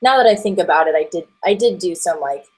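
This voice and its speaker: A woman in her twenties, an actress and voiceover performer, chatting as a guest in a relaxed, rambling way with plenty of fillers. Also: fairly low pitch, fast talker, slightly rough, low-quality recording. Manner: rambling, many fillers and restarts, stop-start. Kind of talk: casual interview chat.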